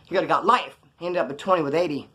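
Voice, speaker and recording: A man's voice: a little high, racing, bright, forceful tone. A man telling stories in casual, slangy street talk. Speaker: storyteller recounting prison life. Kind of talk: casual spoken storytelling.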